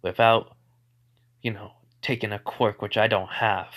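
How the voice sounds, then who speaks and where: A man's voice: fairly low pitch, flat delivery, a little slow, fairly bright tone. A man doing a subdued, scheming old villain. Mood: uneasy. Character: scheming older male supervillain, rattled.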